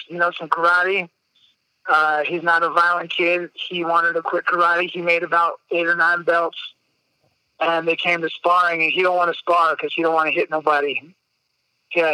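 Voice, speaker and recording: A man tells a personal story on his podcast, blunt, profane and openly emotional. His voice is sharp and very bright but smooth, delivered in an even, level tone. The microphone sound is close and dry. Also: fairly high pitch, no echo, poor audio. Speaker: podcast host.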